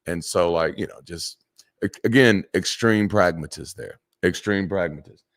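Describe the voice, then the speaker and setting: A man's voice: low-pitched, normal speed. A man, a former pastor, hosting a casual livestream in a loose, chatty way, with slang and many restarts as he reads the chat. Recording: solo livestream at home.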